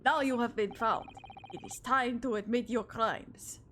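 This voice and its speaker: Woman putting on a gruff Russian sailor. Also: fairly high pitch, measured pace, slight background noise, voice pushed up. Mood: menacing. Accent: put-on Russian. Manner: stern, broken grammar, loud. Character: gruff male Russian ship crewman, accusing. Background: game music.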